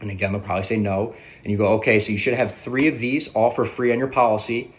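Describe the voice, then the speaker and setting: A man coaching others through a sales pitch in a brisk, conversational way, often tagging on "right?". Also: fairly even intonation. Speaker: sales trainer.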